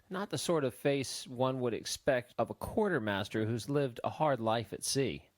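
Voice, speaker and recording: A male audiobook narrator reads the story with a lively, rising-and-falling pitch. His voice sits in a middle register and is recorded dry and close. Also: no room sound. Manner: expressive storytelling.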